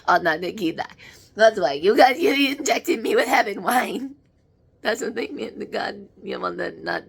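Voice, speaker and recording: A woman speaking in a halting, emotional monologue as she channels spirits, moving between soft murmurs and sudden exclamations. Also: medium pitch, very animated, vocal fry, a little hiss or hum.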